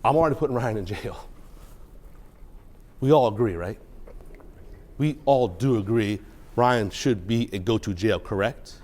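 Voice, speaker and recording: A man, a judge, speaking to students in a courtroom with an emotional storytelling manner, at times quiet and choked up, at times loud and excited. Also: fairly low pitch, unhurried, long pauses.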